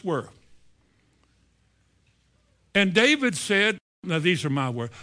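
A male pastor preaching an animated, storytelling sermon in a church, often acting out the voices. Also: high-pitched, slow, long pauses.

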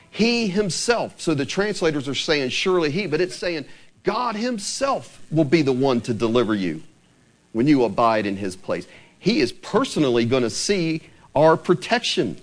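A pastor delivers a sermon in a church sanctuary, his fairly high voice swinging widely in pitch. He poses rhetorical questions to the congregation and goes lower and slower when reading scripture.

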